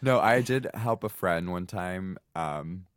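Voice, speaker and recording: A man guesting on a podcast tells a rambling story, full of fillers. His voice is very deep. The sound is dry and close. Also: takes it slowly, no echo. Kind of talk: casual anecdote telling.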